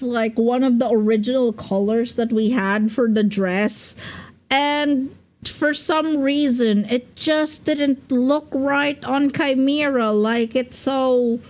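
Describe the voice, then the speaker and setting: Slow, giggly young woman streamer. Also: fairly high pitch. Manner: rambling, giggly, full of fillers. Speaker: VTuber streamer. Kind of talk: casual livestream chat.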